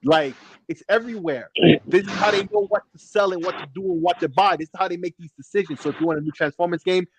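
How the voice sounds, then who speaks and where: A man co-hosting a casual gaming podcast, animated and peppering his points with "yo" and "right?". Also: sits high, fast, slight background noise. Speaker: podcast co-host.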